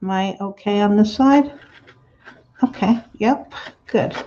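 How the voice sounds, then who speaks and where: A woman's voice: medium pitch, slow, mellow, lo-fi sound. A woman chatting casually to her livestream viewers while she crafts, rambling and laughing often as she reads the chat. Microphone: laptop mic on a livestream.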